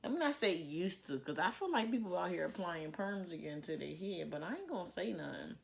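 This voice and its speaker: A woman's voice: fairly low pitch, animated, a little fast, vocal fry, a little hiss or hum. A young woman vlogging a hair care tutorial at home into a plugged-in microphone, chatty and self-mocking, openly nervous as she works. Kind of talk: casual tutorial chat.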